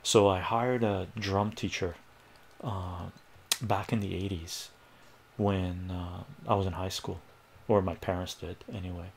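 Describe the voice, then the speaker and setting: Gravelly, rambling man telling a story. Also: low-pitched, unhurried, slight background noise. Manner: rambling, animated, laughs often, acts out quoted voices. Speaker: streaming math tutor. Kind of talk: casual livestream storytelling.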